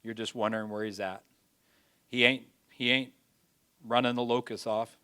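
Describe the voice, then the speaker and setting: Brief: male preacher, sermon delivery, folksy talk, mid-pitched voice, builds loud then drops to a hush. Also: flat delivery, moderate pace, clean tone. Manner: dramatic, swings from loud pleading to hushed; folksy everyday phrasing.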